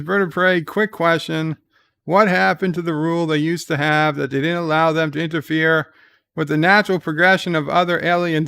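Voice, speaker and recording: A man hosting a relaxed live watch-along, retelling scenes in his own words and answering chat questions as they come in. His voice sits a little high but carries a gravelly rasp at the edges, with a smooth, resonant core. The sound is close and dry. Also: no room sound. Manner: loose recapping of scenes, reads viewer chat questions aloud; thinks out loud with fillers and restarts. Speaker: live commentary host. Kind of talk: casual live episode commentary.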